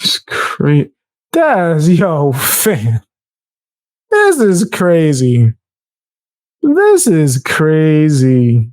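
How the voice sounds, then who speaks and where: A man giving casual reaction commentary on clips, animated and slangy, often breaking into laughs. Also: a little high, drawn-out words, pauses often, no echo.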